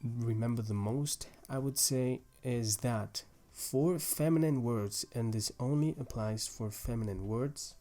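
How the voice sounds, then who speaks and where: A man's voice: medium pitch, a little slow, hardly any pauses, warm tone. A young man patiently explaining grammar rules step by step in a language lesson, with small restarts as he goes. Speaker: language teacher.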